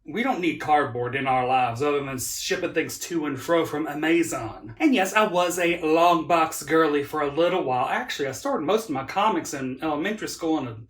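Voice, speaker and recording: A man's voice: brisk, hardly any pauses, fairly bright tone. Sassy campy drag queen vlogger. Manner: sassy, theatrical, swooping into high exclamations. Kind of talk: campy comedic vlog monologue. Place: home office.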